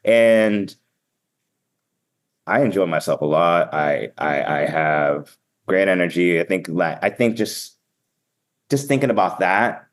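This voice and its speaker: A man's voice: deep voice, expressive, slow pace, pauses often. A man with a Boston accent, an event emcee speaking energetically and sometimes bluntly in a casual podcast interview.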